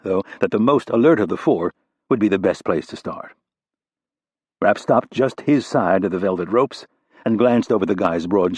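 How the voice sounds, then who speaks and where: Low, husky male audiobook narrator. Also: no echo. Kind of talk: scripted narration.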